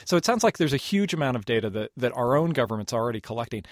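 A man's voice: medium pitch, sing-song, rapid-fire, no echo, clean studio sound. A man hosting a public radio technology show, interviewing guests and reading stories in a conversational, lightly wry way. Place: radio studio.

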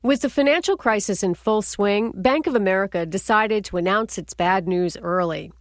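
A woman's voice: mid-range voice, moderate pace, dry recording. Woman radio reporter, dry studio sound. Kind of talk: news report.

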